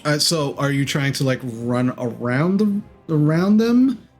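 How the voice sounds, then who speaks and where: A man running a tabletop game as game master, narrating in an unhurried, rambling way with many ums and self-corrections. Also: fairly high pitch, expressive, darkish tone, soft background music.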